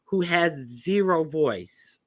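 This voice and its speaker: A woman's voice: sits low, expressive, slow pace. A woman in casual chat, blunt and opinionated.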